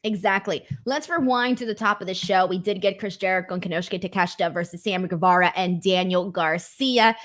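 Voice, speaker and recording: A woman's voice: medium pitch, a little fast, hardly any pauses, a bit bright. A woman hosting a casual wrestling recap, chatty and enthusiastic, with plenty of filler words. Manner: chatty, enthusiastic, lots of likes. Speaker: host.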